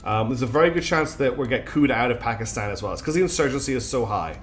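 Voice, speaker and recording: A man's voice: mid-range voice, lively intonation, quick pace, soft background music. A man with a mixed British accent that carries Scottish and Australian traces. He gives live game commentary, thinking aloud with many fillers. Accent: mixed British English with Scottish and Australian traces. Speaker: streamer.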